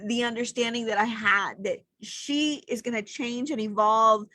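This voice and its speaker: A woman's voice: on the high side, fairly even intonation, normal speed, pushed and bright, dry recording. A middle-aged woman co-hosting a casual chat, speaking in a heartfelt, reflective way. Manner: heartfelt and reflective, gets emotional. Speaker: podcast co-host.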